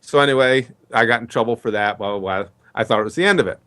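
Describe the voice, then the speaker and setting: As an interview guest, a middle-aged man eases into a lengthy, wandering story and plays out everyone's lines. His tone is fairly bright, his pitch mid-range, and his delivery easygoing and talkative.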